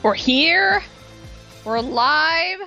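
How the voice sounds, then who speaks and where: A woman co-hosting a casual wrestling recap, telling the events with animated sarcasm. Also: sits high, very slow, faint music behind. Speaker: co-host.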